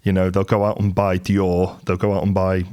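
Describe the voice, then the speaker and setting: A middle-aged man talks straight to camera about business, in a candid, storytelling way. His voice sits on the lower side, and the talk is unscripted and conversational. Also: completely flat delivery, normal speed, mellow, clear, resonant tone. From England. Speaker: business and property coach.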